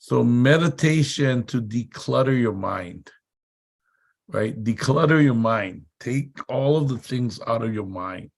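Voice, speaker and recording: A man's voice: mid-range voice, animated, takes it slowly, gravelly. A man giving a motivational seminar talk, telling chatty anecdotes and laughing often. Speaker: seminar speaker.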